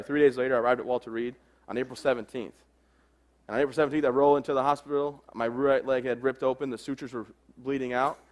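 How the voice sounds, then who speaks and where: A young man gives a motivational speech to a crowd, spinning a story with jokes along the way. He talks at a brisk clip and jumps into the voices of the people in his story, with a pitch in a middle range for a man. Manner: joking storyteller, acts out quoted dialogue. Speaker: motivational speaker.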